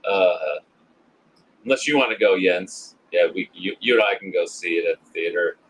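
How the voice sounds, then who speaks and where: Husky-voiced man joking about a movie. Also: low voice, normal speed, a bit bright, low-quality recording. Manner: joking, laughs often, acts out quoted lines. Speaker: podcast co-host. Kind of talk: casual crude movie chat.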